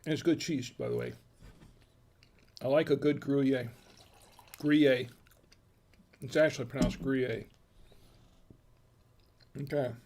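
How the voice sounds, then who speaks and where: A man's voice: mid-range voice, wildly swooping pitch, normal speed, pauses often, a little mellow. An American man hosting a casual wine tasting, chatty and folksy, murmuring as he samples food and wine. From United States. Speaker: wine review host.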